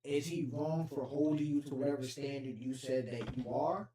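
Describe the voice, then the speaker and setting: A man's voice: mid-range voice, steady tone, normal speed, mellow. Man, host, casual chat, probing questions, echoey room, faint background noise. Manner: probing, rephrases his questions. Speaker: podcast host.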